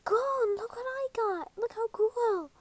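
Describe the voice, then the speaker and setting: A woman voicing an excitable, playful young girl as the listener character in a storybook reading. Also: extremely high pitch, drawn-out words, vocal fry, no echo, voice pushed up, heavily acted. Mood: excited.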